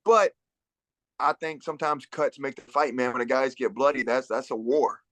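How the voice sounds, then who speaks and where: A man in his thirties talks easily through fight stories on a podcast, full of fillers and restarts. His voice sits at an ordinary middle pitch. The sound is dry and close, with no room around it. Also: moderate pace, fairly bright tone, no echo. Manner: laid-back storyteller, many fillers and restarts. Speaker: UFC fighter guest. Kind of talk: casual podcast interview.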